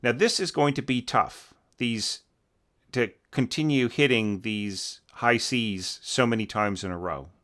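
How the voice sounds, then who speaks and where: A man's voice: medium pitch, a little slow, fairly bright tone. A man giving a casual, rambling critique of an orchestral score, full of fillers and sung snippets of the phrases. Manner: rambling, many fillers, sings phrases as bum bum. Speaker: orchestration teacher reviewing scores.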